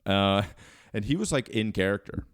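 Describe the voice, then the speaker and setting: A man's voice: lowish voice, animated, normal speed, clean tone, no room sound, clean studio sound. A man in his thirties from Baltimore, a podcast guest telling a rambling, self-deprecating story with many fillers. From Baltimore, Maryland. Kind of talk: casual storytelling.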